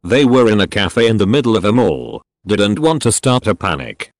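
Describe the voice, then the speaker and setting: Low-voiced male story narrator. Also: very animated, moderate pace, no room sound, clean studio sound.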